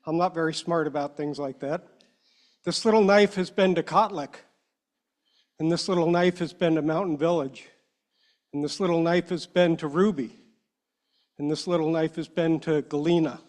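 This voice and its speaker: Guy with a high voice giving a heartfelt talk at a meeting, halting, earnest. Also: fairly even intonation, darkish tone. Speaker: panel member at a public meeting. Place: meeting room.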